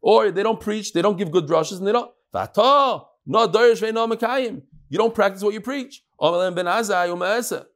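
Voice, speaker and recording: A man's voice: high voice, brisk, few pauses, a bit bright. A man teaching a Talmud class, reading the text aloud and translating it line by line. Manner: reads Hebrew-Aramaic text then translates in Yeshivish English.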